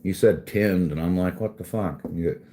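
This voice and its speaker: Male streamer, low mellow voice, unhurried and profane, faint room hum. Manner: laid-back, profane, joking, reads chat aloud. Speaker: livestream host chatting with viewers. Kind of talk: casual live-stream chat.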